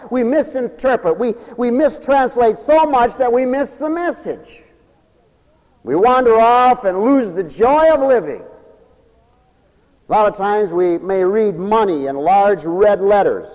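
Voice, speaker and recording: High-voiced emphatic preacher man, echoing hall. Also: a little mellow. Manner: emphatic, preacherly, calls for amens; folksy, tells stories. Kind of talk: sermon. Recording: long hall reverb.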